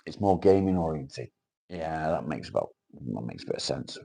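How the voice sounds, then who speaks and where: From Cheshire, England, this man speaks with an accent blending northern English and South Welsh, his bass voice swinging widely in pitch at a moderate pace, with vocal fry, a mellow quality and a breathy edge. He's on a casual livestream reading out comments, swearing freely and greeting viewers by name.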